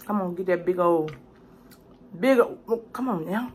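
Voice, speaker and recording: A woman's voice: on the low side, animated, moderate pace, slight background noise. A woman doing a casual mukbang as a cooking vlogger, profane and chatty, calling the viewer "baby". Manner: loud, salty and profane, talks to the viewer as "baby". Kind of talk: casual mukbang eating commentary.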